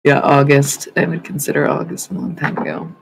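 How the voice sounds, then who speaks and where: Rambling, gravelly-voiced streamer. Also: mid-range voice, fairly even intonation, brisk, a little hiss or hum, poor audio. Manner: rambling, profane, lots of fillers. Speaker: livestreamer. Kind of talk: casual livestream chat, channeling spirits.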